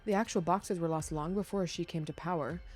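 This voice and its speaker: A woman voicing a weary, solemn old man while reading game dialogue aloud in a slow, heavy way. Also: lowish voice, a little mellow, faint music behind, close to an everyday voice.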